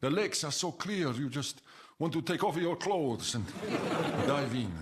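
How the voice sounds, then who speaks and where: Deep sultry italian guy, slow breathy murmur, noisy live radio. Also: animated. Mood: seductive. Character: sultry smooth-talking Italian tourism pitchman.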